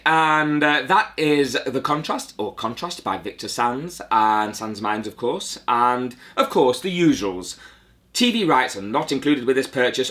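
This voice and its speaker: A man's voice: medium pitch, a bit bright. A man giving a chatty, rambling review of a magic trick, with self-deprecating asides. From United Kingdom. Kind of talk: casual review monologue.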